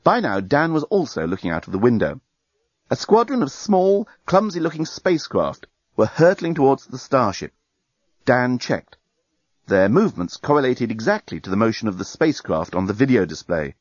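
A man narrating a story aloud in an expressive, lively reading. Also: mid-range voice, normal speed, no room sound. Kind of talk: audiobook narration. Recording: dry, slightly muffled.

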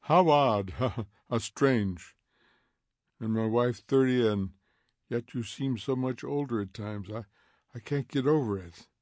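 A reserved grown fireman who answers in short, guarded lines, read by a male narrator. The voice stays at the reader's own middle pitch, with no change of tone. The sound is dry and close. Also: slow, darkish tone, no room sound, close to an everyday voice. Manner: terse, guarded replies.

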